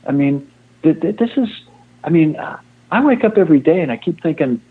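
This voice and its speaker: Husky older man on a phone line. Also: a little high, lively intonation, fairly quick. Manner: rambling, self-deprecating, repeats himself. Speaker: fire chief, interview guest. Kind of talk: casual interview talk. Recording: tinny phone-line sound.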